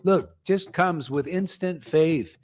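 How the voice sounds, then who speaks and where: Here an older man with a fairly high-pitched voice speaks slowly. He's a spiritual teacher at a chanting gathering, ranting his way through a blunt, slang-filled devotional talk and calling everyone "man."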